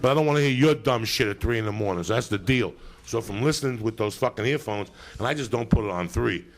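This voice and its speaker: A middle-aged male comedian hosting a live podcast from a comedy club stage, ranting in a profane, animated storytelling style. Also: on the low side, quick pace. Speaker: comedian host. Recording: live club recording, loud crowd laughter.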